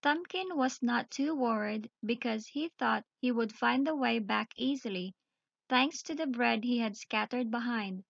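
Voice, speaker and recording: A woman calmly and clearly reading a fairy tale aloud to children. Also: on the high side, unhurried, no echo, muffled recording. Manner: calm, clear storybook reading. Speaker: storyteller. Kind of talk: read-aloud children's story.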